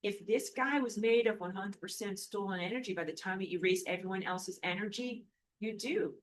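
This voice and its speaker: A woman's voice: medium pitch, normal speed, slight background noise. A woman giving a casual, chatty lecture while she draws on a whiteboard. She thinks aloud, jokes and corrects herself as she goes. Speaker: spiritual teacher.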